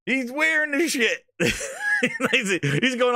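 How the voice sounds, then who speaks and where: A man hosting a casual livestream, ranting about games in a profane, excitable way with frequent laughter. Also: on the high side, moderate pace, no echo, clean studio sound. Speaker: gaming news streamer.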